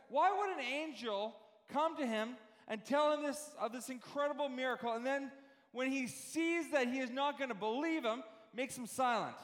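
A man preaching a sermon as pastor, animated and full of rhetorical questions, often repeating words as he goes. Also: very high voice. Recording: echoey hall reverb.

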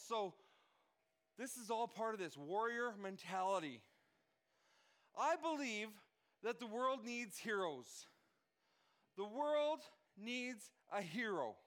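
High-voiced, smooth-toned male pastor. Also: a bit bright. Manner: earnest, repeats and restarts phrases, lists names. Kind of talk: sermon.

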